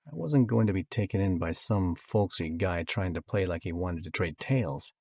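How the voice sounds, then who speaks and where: Low, husky male audiobook narrator. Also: normal speed, hardly any pauses, darkish tone, dry recording, studio quality.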